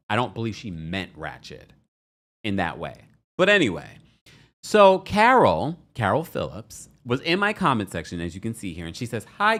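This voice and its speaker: A man's voice: fairly low pitch, fairly bright tone. A man hosting a live reality-TV recap in a casual, chatty way, often laughing and repeating himself. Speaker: recap show host.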